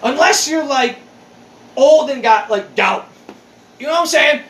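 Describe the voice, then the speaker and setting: A man's voice: very high-pitched, animated, measured pace, a bit bright. A man in his forties in casual chat, ranting with lots of swearing and exasperation. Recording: echoey room.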